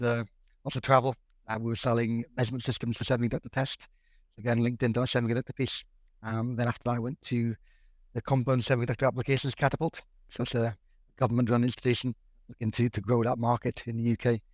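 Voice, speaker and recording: A man's voice: mid-range voice, no echo. A man in his forties with a Welsh accent, answering interview questions as a guest, often repeating words as he talks. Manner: hesitant, repeats words, laughs lightly. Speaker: guest, technology executive. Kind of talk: casual interview.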